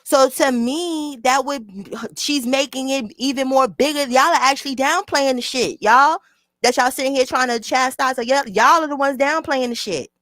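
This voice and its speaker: Talking directly to her chat on a casual stream, the host uses plenty of profanity and doesn't mince words. Her voice sits high and a bit bright at a normal speed, captured dry on a small mic near her mouth.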